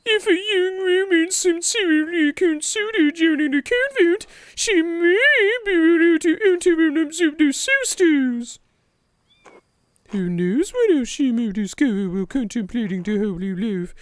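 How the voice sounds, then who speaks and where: A man voicing a gentle, sly elderly nun in a high falsetto while reading game dialogue. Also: expressive, a little slow, dry recording.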